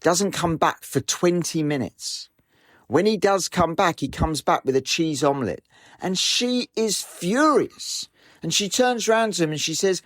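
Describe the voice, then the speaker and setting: A man giving a Torah class who tells stories in an animated way and poses questions to his listeners. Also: sits high, unhurried, dry recording, clean studio sound. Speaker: Torah teacher.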